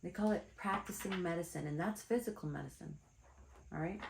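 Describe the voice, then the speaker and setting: A woman spiritual teacher talks straight to her viewers through a card reading, chatty and blunt, calling them her darlings. Her voice sits low with a gravelly edge. The room around her is echoey. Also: a little fast, background noise.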